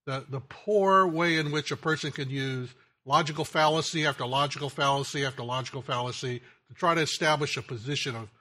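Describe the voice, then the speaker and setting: A man preaching a sermon, slow and deliberate, telling a joke story and letting his phrases drop low and quiet at the ends. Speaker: pastor.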